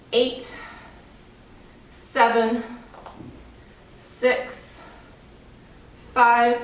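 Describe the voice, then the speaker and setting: A woman's voice: a little high, fairly bright tone, slight background noise. A woman teaching a yoga workout, counting reps and cueing moves while exercising and out of breath. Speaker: yoga and fitness instructor. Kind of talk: guided workout instruction. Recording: very echoey room, voice from a distance.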